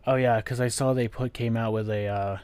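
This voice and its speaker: A man hosting a podcast in casual chat, talking loosely and profanely, slipping into quick impressions. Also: mid-range voice, fairly even intonation, darkish tone, clear, resonant tone, no room sound. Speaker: podcast host.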